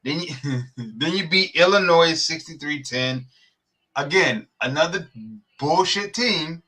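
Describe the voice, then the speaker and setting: Heated man ranting, bright voice. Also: on the high side, unhurried, breathy edge. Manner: heated, profane, animated ranting. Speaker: podcast co-host. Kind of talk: casual sports debate.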